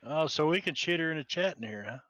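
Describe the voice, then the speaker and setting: A man joining a tabletop game as a player, with a high, very lively voice. He speaks slowly and playfully, and his tone is bright. The sound is dry. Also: dry recording. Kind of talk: casual chat at the game table.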